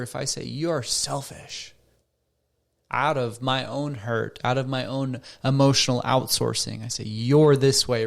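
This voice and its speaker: A man's voice: medium pitch, creaky. A middle-aged man hosting a solo podcast as a counselor, talking conversationally and asking rhetorical questions. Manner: conversational, rhetorical questions, acts out quoted voices.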